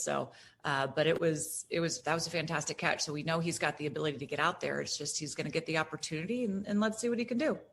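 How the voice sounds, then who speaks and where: A woman from Florida, a guest on a sports podcast, talking in an animated way with lots of fillers and restarts. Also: sits low, slight background noise. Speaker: guest broadcaster. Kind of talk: casual podcast chat.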